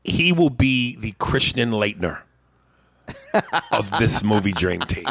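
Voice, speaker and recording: A man co-hosting a comedy podcast, talking in a profane, mocking, animated way on a close mic. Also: on the low side, takes it slowly, no echo. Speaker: podcast co-host. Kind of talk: casual comedic chat.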